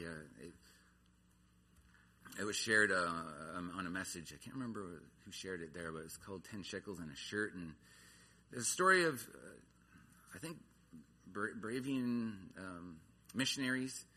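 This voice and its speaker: A man's voice: fairly low pitch, pushed and bright. A man preaching a sermon, earnest, his voice rising and falling in intensity. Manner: earnest, rises and falls in intensity.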